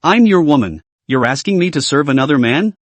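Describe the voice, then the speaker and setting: A man's voice: fairly high pitch, animated, brisk, dry recording, natural voice. A man voicing a distraught, disbelieving young woman in a comic recap. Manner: disbelieving, pleading.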